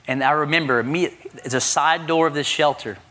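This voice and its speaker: A male pastor in the middle of a sermon, telling a personal story with lively energy and acting out both sides of each conversation. His voice is fairly high, bright and forceful. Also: normal speed. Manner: animated storytelling, acting out dialogue. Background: congregation responding.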